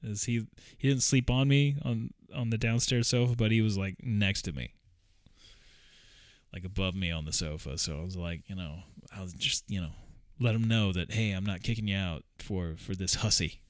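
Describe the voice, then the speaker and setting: A man with a low voice chats casually, rambling and swearing freely, often breaking into chuckles. The sound is dry and close, with no room echo. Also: moderate pace. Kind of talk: casual vlog chat.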